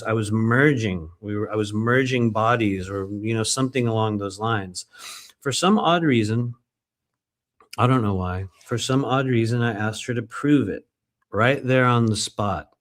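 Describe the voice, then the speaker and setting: A man reading aloud from his own book during a live stream, breaking off often into loose, conversational asides with plenty of fillers. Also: lowish voice. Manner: conversational and digressive, many fillers.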